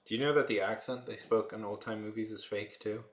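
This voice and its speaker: A man with a fairly low voice chats loosely with his live-stream viewers. He rambles and trails off with fillers as he goes. The room around him adds a noticeable echo. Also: steady tone, brisk. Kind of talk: casual live-stream chat.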